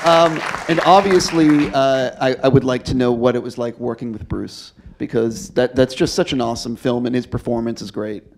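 A man's voice: mid-range voice, steady tone, moderate pace, gravelly, few pauses, darkish tone, a faint crowd, slight background noise. Eager man moderating a theater Q&A. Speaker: interviewer, event host. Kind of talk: live Q&A moderating. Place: theater before an audience.

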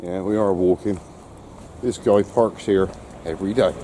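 A man's voice: low-pitched, steady tone, moderate pace, dark tone, a little hiss or hum. Dry-witted man walking his dog. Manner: dry, wry remarks, often talking to his dog. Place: outdoors on a wet shore and woods.

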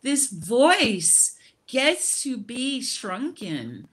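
A middle-aged woman on a video call, sharing her personal experience slowly and reflectively, with frequent laughter and restarts. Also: a little high, very animated, fairly bright tone, breathy edge.

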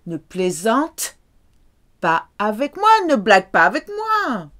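In this language lesson, a female French teacher speaks in a measured, unhurried way while her pitch moves with great animation. Her French examples come out stretched and lively.

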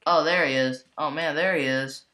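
Speaking at a normal speed in a deep voice, a woman excitedly fake-commentates a toy wrestling bout. Her commentary is full of exclamations and shout-outs to the folks.

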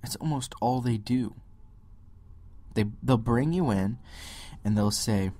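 A man's voice: medium pitch, takes it slowly, dark tone. A man ranting sarcastically to camera in a video blog, often breaking into mock quotes. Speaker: vlogger. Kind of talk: political rant to camera.

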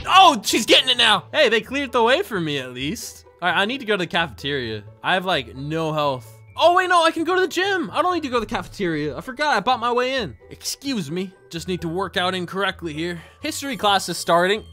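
A man's voice: high-pitched, pushed and bright. A man giving joking, sarcastic let's play commentary as a gaming YouTuber.

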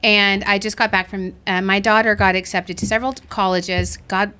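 A woman from Texas co-hosting a podcast, chatting in a bubbly, fast way and laughing often. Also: mid-range voice, flat delivery, pushed and bright, smooth. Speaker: podcast co-host. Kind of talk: casual chat. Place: studio.

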